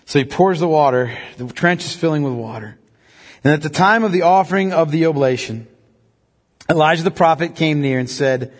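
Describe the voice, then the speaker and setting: In an expository sermon, a high-voiced male preacher works through a scripture passage, reading the verses slowly and solemnly before explaining them conversationally and posing rhetorical questions to listeners. The long reverb of a large church hall rings around his voice.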